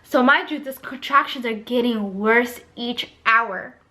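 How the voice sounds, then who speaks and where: Young woman vlogger, high and bright chatty storyteller who talks right to viewers. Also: measured pace. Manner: chatty, addresses viewers as you guys. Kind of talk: casual storytelling to camera.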